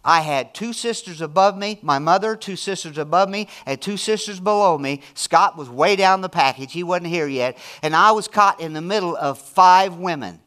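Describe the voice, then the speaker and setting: Middle aged pastor guy preaching, high bright voice, gets loud then goes real soft. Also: normal speed, hardly any pauses. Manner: emphatic preaching, swinging from loud to hushed and intimate. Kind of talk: sermon.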